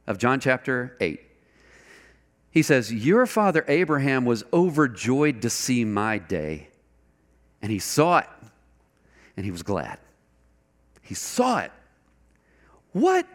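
A man preaching a sermon, animated and conversational, asking the congregation rhetorical questions. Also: fairly high pitch. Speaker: pastor.

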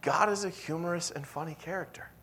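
A young man preaching a sermon in a lively, conversational way, sometimes dropping to a whisper. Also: on the high side, a little fast. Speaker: pastor.

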